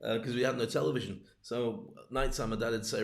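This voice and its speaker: A man's voice: medium pitch, fairly even intonation, fast, creaky, echoey room. A man hosting a casual comedic talk to camera, rambling and digressive, acting out gestures as he goes. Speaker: host. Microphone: streamed from home, camera.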